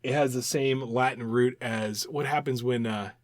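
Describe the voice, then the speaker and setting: An adult man chatting as a podcast co-host, lively and rambling as he explains things, circling back and repeating words. His voice sits at an ordinary middle pitch. It is recorded close and dry, with no room sound. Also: moderate pace, dry recording. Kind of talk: casual chat.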